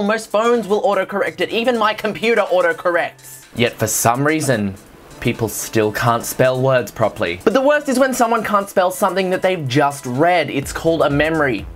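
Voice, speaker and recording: A young man, ranting sarcastically to camera and swearing freely. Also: sits high. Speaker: vlogger. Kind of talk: comedic rant to camera.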